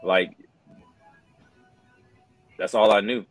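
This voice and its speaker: Deep-voiced man telling an earnest story. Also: steady tone, very slow, faint music behind, low-quality recording. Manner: earnest, loose, peppered with "bro" and "man". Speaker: wrestling commentator and guest. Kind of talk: casual interview storytelling.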